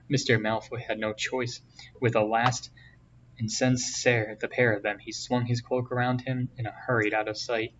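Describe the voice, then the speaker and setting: A man reading a novel aloud in a steady, plain storytelling voice. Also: mid-range voice, moderate pace. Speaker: reader. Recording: distant, dull, faint hiss.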